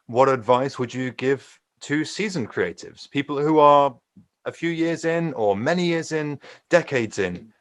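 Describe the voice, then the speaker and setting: A man hosting an interview, asking questions in a relaxed way with some hesitations and fillers. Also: on the high side, a little slow. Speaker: interview host. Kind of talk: casual interview chat.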